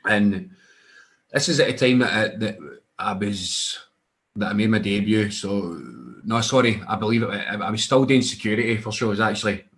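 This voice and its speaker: Low-voiced Scottish man telling stories. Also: moderate pace, fairly bright tone. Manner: rambling anecdotes with frequent restarts and laughter. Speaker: wrestler guest. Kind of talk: casual interview chat.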